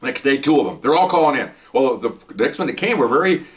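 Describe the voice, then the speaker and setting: An older man rattling off cop stories at a quick clip, circling back and repeating himself as he goes. His voice sits at a middling pitch and sounds a little distant from the mic. The telling is loose and chatty. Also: sing-song. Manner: rambling, repeats himself, lots of "you know". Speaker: police veteran storyteller. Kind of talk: casual anecdote telling.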